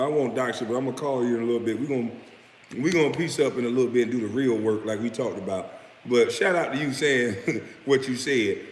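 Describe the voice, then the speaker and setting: A man in his late thirties rants hotly and profanely, mocking his critics with scornful jabs. His mid-pitched voice rings through a reverberant room with a long tail, over a faint background hiss. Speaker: former pro basketball player. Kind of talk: profane rant.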